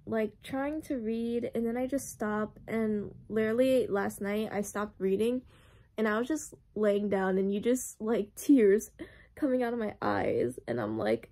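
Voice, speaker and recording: A woman's voice: mid-range voice, mellow. A young woman vlogging casually about her reading, rambling and emotional, laughing often. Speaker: book vlogger. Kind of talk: casual chat.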